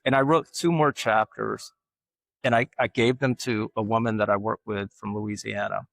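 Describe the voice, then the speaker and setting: Man, lowish gravelly voice, lively anecdotal interview guest. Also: moderate pace, no echo. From Alabama, US. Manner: animated storyteller, acts out quoted voices. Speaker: guest, artist. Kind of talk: casual storytelling interview.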